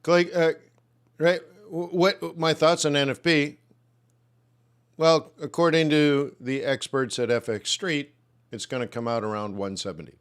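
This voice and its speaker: A man's voice: fairly high pitch, fairly even intonation, measured pace, clear, resonant tone. A man hosting a live trading webinar, loosely musing on jobs data and answering viewers' questions in a joking way. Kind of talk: live market commentary to chat.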